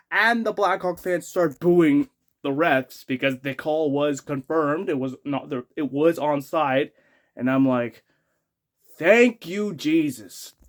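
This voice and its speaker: A man giving an excitable, rambling hockey rant as a fan vlogger, often restarting his sentences. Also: on the high side.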